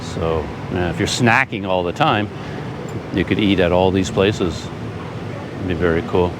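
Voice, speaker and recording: A man's voice: deep voice, measured pace, heavy background noise. A man vlogging in a casual, rambling, amused storytelling manner. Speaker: travel vlogger. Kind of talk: casual chat to camera.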